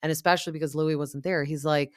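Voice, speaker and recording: A woman's voice: sits low, steady tone, fast, no echo. Chatty opinionated lady doing a reality tv recap, like, um, lots of filler, dry close sound. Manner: gossipy and opinionated. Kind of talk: casual recap chat.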